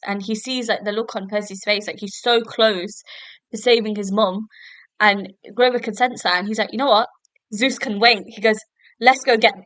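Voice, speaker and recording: A young woman talks through a show episode in a loose, chatty way, full of "you know" and "like". Her voice sits at a middle pitch and sounds close and dry, with no room around it. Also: fairly bright tone, no room sound. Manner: chatty, retells scenes with quoted lines, many fillers. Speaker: podcast host. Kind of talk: solo episode review, casual chat.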